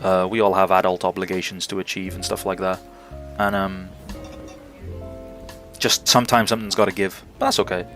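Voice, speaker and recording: A man's voice: sits low, level tone, normal speed, long pauses, fairly bright tone, soft background music. A young man streaming live, chatting casually with viewers in a rambling, enthusiastic way and swearing freely. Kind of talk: casual livestream chat answering viewers.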